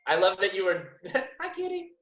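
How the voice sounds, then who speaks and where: A man's voice: high voice, sing-song, normal speed, fairly bright tone, lo-fi sound. A man hosting a casual interview, laid-back and encouraging toward his guest. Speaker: podcast host. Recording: roomy echo.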